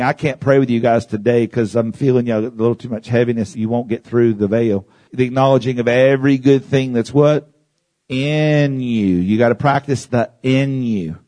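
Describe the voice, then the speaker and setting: A male preacher teaching a congregation and walking them through exercises step by step. He repeats his phrases, drops in "Amen" often and calls for the crowd to answer. His voice sits at an ordinary middle pitch. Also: darkish tone. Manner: guides the audience through exercises with call-and-response. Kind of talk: sermon teaching.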